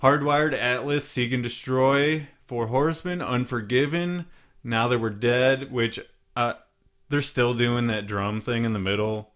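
A man's voice: medium pitch, a little slow, a bit bright. A man co-hosting a podcast in loose, rambling casual chat, swearing now and then. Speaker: podcast co-host.

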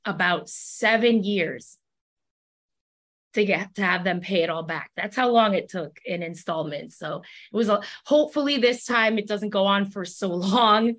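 Woman, podcast co-host, chatty, explains at length, mid-pitched voice. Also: a little slow, a bit bright. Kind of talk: casual chat.

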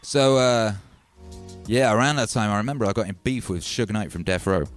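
A man's voice: lowish voice, a little fast. A man, chatting loosely as a livestream DJ host and reading out viewer messages. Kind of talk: casual livestream chat. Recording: music playing faintly behind.

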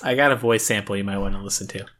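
A man's voice: lowish voice, fairly even intonation, rapid-fire, a bit bright, slight background noise. Laid-back young man on a podcast. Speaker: podcast co-host. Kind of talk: casual film chat.

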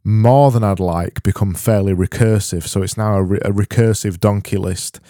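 A man hosting a solo comedy podcast, rambling deadpan and often stopping to correct himself. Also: on the low side, normal speed, dry recording, clean studio sound. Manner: rambling, self-interrupting, deadpan. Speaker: podcast host.

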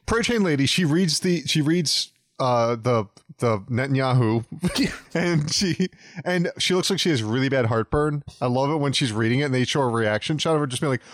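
A man's voice: mid-range voice, expressive, normal speed, no room sound, studio quality. A man co-hosting a podcast, chatting casually and mockingly about a movie, laughing often. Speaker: podcast co-host. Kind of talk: casual comedic movie review chat.

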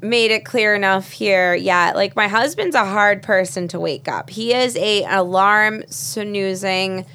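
A woman in her thirties co-hosting a podcast, telling lively family stories in casual chat. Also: mid-range voice, unhurried, hardly any pauses. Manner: animated storyteller, acts out her baby's cries. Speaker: podcast co-host.

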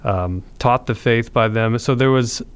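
A man's voice: mid-range voice, a little slow, smooth. A man, a podcast guest, telling his conversion story in an earnest, reflective way with frequent restarts.

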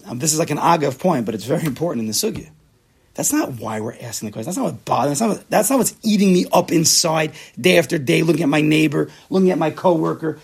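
A man teaching a Torah class to a room of listeners, animated and acting out people's inner voices, with Hebrew terms mixed in. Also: a little high, creaky, husky. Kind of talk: classroom lecture with student questions.

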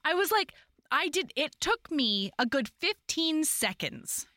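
A woman's voice: high voice, very animated, unhurried, pushed and bright, dry recording, studio quality. A woman co-hosting a podcast, chatting casually about a romance novel, acting out the characters and laughing often. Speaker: podcast co-host. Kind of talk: casual book chat.

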